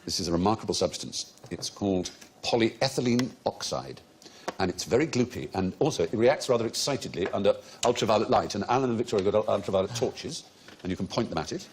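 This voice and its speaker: Lively, erudite man hosting a quiz. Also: fairly low pitch, fast talker, slight background noise. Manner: lively, erudite, laughing often. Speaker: quiz show host. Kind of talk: witty panel-show hosting.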